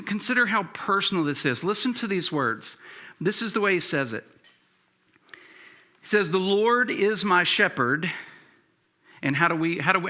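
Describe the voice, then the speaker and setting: A man's voice: a little high, pushed and bright. A man preaching a sermon as pastor, conversational, with many fillers and restarts.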